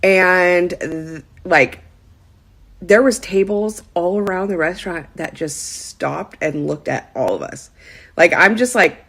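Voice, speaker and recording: A woman in her thirties tells a story straight to camera in a loose, chatty way. Her voice sits a little low for a woman, and she fills the telling with "like" and small asides. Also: takes it slowly, a bit bright, husky. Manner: chatty, heavy use of "like" fillers. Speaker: lifestyle vlogger. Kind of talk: casual storytelling.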